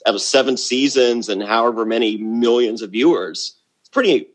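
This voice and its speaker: A middle-aged man chatting as an interview guest, brash and cocky, rambling through his stories. His pitch sits in an ordinary male middle range as he stumbles over restarts and piles up asides. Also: normal speed. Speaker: guest, former reality show contestant. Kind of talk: casual interview chat.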